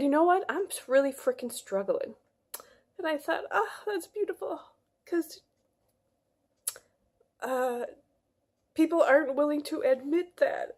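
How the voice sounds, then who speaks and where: A woman's voice: fairly high pitch, darkish tone. Earnest woman vlogging. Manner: earnest, rambling, with many restarts and fillers. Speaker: wellness vlogger. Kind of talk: casual heartfelt monologue to camera.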